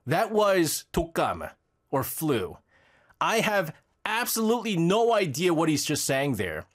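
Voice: medium pitch, normal speed, husky. Radio host goofing around on air, voice bouncing all over, laughs a lot. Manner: animated, teasing, breaks into laughter. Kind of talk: casual radio chat.

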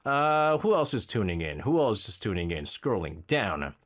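A man's voice: lowish voice, big pitch swings, normal speed, a bit bright. A man hosting a live show, chatting casually and rambling between listener messages with frequent laughs. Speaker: radio show host reading listener messages.

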